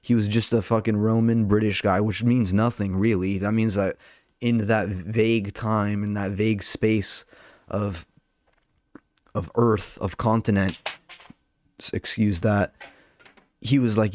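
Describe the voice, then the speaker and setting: A fired-up young man rants casually to his viewers, stumbling through filler words and swearing freely. His voice sits slightly low, and the recording is dry and close with no room sound. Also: fairly even intonation, measured pace, pauses often, a little mellow, no echo. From Albanian heritage. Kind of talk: casual rant to camera.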